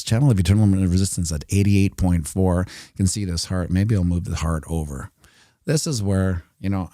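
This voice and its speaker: A man's voice: low-pitched, mellow, no room sound, clean studio sound. A Canadian man giving casual, rambling commentary on crypto price charts during a livestream, with jokey asides.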